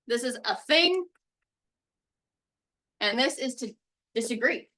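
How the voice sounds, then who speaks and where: Bright-voiced woman teaching a language lesson. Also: sits high, lively intonation, unhurried, long pauses, far from the mic, low-quality recording. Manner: explanatory, walks through examples step by step.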